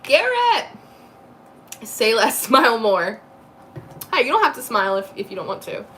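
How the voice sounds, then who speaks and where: A woman's voice: medium pitch, animated, a bit bright, a little hiss or hum. Chatty New woman reading tarot. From New Jersey. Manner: chatty, laughs often, quick asides. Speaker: tarot reader. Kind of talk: live tarot reading chat.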